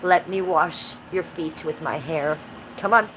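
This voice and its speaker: Woman, 50s, streamer, rambling and profane, lowish voice, noisy background. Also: a little slow. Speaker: livestreamer. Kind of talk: casual livestream chat. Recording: steady background noise.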